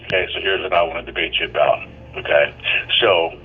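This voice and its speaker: Lowish man pressing hard in a radio debate. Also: steady tone, brisk, phone-quality sound, a little hiss or hum. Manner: pressing, challenging.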